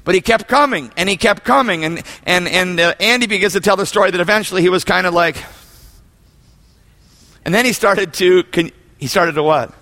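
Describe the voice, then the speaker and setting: Animated, bright-voiced male pastor preaching. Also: high-pitched, brisk. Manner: animated storytelling with shouted peaks and soft hushed asides. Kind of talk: sermon.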